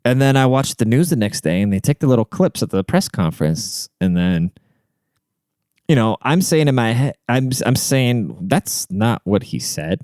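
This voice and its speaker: A young man hosting his own podcast in a loose, rambling monologue, swearing freely as he goes. His pitch swings around a lot, and his voice comes through smooth and clear. The sound is dry and close to the mic. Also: very animated, normal speed, darkish tone, dry recording. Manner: rambling, profane, conversational. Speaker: podcast host. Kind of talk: casual storytelling monologue.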